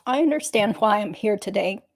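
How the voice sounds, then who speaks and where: A woman's voice: mid-range voice, expressive, normal speed, creaky, no echo. A woman reading the part of a guarded woman witness who gives curt, clipped answers.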